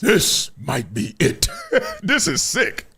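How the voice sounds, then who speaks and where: An animated man hosting a casual sports livestream, his voice bouncing between high and low tones. He sits a little higher than most men and laughs often as he riffs. His delivery is loose and playful. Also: slow pace, creaky, husky. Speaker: host.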